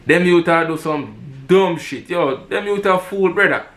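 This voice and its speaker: A man's voice: high-pitched, normal speed, a bit bright. Angry Jamaican man ranting. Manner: heated, ranting, repeats for emphasis. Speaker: commentator reacting to robbery footage. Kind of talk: angry commentary in patois.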